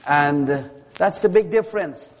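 A man preaching a sermon in a slow, deliberate way, leaning on words through repetition. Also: fairly high pitch, slight background noise. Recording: long hall reverb.

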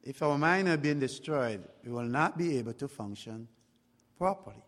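A man preaching a sermon, speaking slowly and deliberately and rising into loud exclamations. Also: mid-range voice, animated, in a large hall. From outside Canada.

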